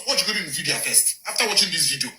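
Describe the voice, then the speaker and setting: A woman heard in a played clip, talking quickly and quietly. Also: low-pitched, animated, husky.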